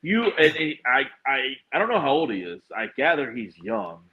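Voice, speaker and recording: A man's voice: medium pitch, normal speed, noisy background. Exclaiming man on a muffled track. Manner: exclamatory and animated, with frequent restarts. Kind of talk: casual chat. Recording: dull, muffled lo-fi sound.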